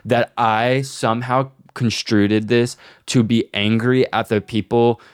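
A man's voice: mid-range voice, slow, clear, resonant tone, dry recording, clean studio sound. A young man co-hosting a podcast, telling stories casually with lots of swearing. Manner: swears a lot, animated storytelling. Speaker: podcast co-host. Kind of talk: casual chat.

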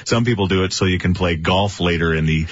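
A man's voice: low voice, quick pace, husky, no echo. A man hosting a morning radio show, chatty and joking, laughing often. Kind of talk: casual morning radio banter. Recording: dull lo-fi radio broadcast.

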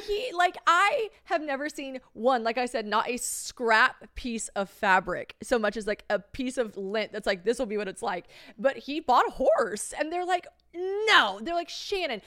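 A woman hosting a casual podcast chat, telling stories in an animated way and swearing freely. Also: sits high. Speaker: podcast host.

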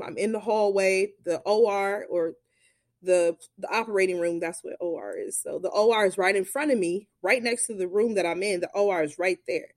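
A young adult woman tells her own story in a loose, chatty way, with plenty of fillers. She acts out the people she quotes as she goes, and her speaking voice sits at an ordinary middle pitch. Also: fairly quick, dry recording, studio quality. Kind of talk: personal storytelling.

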